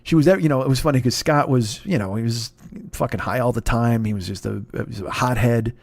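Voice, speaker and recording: A man's voice: mid-range voice, brisk, gravelly, darkish tone, no echo. A man, hosting a comedy podcast with a profane, rambling, self-mocking storytelling monologue full of restarts. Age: 50s.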